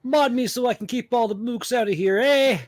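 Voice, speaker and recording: A man voicing a brash Italian-American mobster type, reading chat comments in a swaggering, gruff wiseguy manner. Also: very high voice, normal speed.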